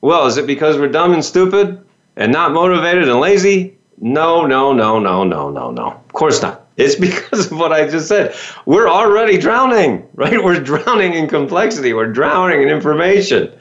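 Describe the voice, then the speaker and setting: Male business coach, animated pitch, motivational talk, rhetorical questions, slightly dull lo-fi sound. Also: normal speed. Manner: lively, rhetorical questions, folksy.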